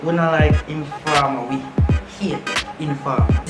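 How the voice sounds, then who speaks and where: A woman's voice: low-pitched, steady tone, measured pace, loud music behind the voice. Jamaican woman hosting a comic countdown, playful patois banter, echoey room. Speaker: comedy sketch host.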